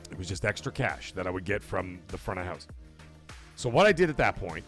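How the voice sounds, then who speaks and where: A man's voice: deep voice, big pitch swings, a little fast, a bit bright, soft background music. A man hosting a casual live gaming stream, blunt and profane, talking straight to his chat. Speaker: livestream show host.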